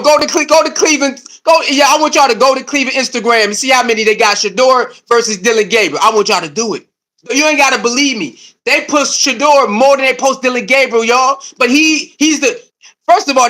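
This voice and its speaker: A young man hosting a live stream, ranting loudly and excitably, repeating himself and reading and answering chat comments. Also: extremely high pitch, a little fast. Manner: loud, excitable, repetitive, swings between shouting and muttering. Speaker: livestream host. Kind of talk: fired-up live stream rant.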